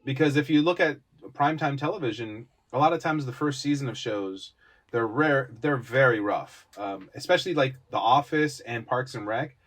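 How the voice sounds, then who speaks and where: A man's voice: medium pitch, moderate pace, a bit bright. A man co-hosting a podcast, chatting casually in an easygoing way. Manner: easygoing, laughs along. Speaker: podcast co-host. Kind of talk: casual chat.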